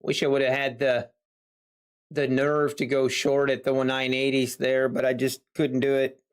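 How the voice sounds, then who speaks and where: A man's voice: medium pitch, monotone, moderate pace, smooth. A man live-streaming his day trading, chatting casually with viewers and talking himself through trades in an exasperated, sighing way.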